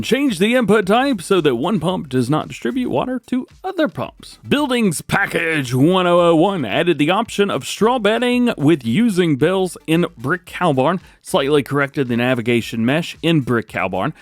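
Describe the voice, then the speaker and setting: A male gaming host reads through game mod changelogs. His voice sits fairly high and swings all over the place as he adds wry little comments. The sound is dry and close. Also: dry recording. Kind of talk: mod update rundown.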